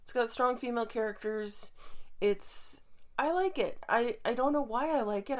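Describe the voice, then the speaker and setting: A woman co-hosting a podcast, chatting and rambling, with a lot of "um" and "like". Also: medium pitch. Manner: chatty, rambling, frequent ums and likes. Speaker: podcast co-host. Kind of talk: casual chat.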